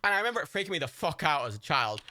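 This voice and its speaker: A man's voice: on the high side, sing-song, very fast, bright, forceful tone. A man of Irish heritage co-hosting a livestream, chatting casually about films, jokey and laughing often. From Ireland. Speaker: livestream co-host.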